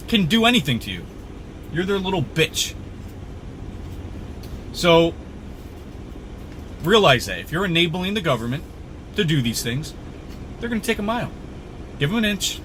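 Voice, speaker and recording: A man's voice: a little high, pushed and bright, poor audio. A man ranting casually while he drives, rambling and profane, often repeating himself. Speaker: vlogger. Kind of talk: casual rant while driving. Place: inside a car on the road. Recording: road noise inside a moving car.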